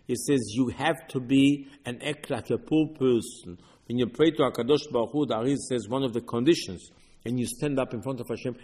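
Guy teaching torah, kinda husky voice, big echo, gets loud then drops way down. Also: medium pitch. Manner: emphatic, swings loud and soft, repeats words. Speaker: rabbi. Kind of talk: Torah lecture. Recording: long reverb, slightly husky voice.

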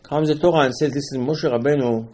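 A man's voice: medium pitch, steady tone, fast talker, darkish tone. A man delivers a Torah class as a dramatic sermon, with a mid-range voice. He retells the stories with conversational gusto, acting out the characters' lines. His delivery swings from soaring exclamations to near-whispered asides. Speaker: rabbi giving a Torah class. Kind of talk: animated Torah sermon with storytelling.

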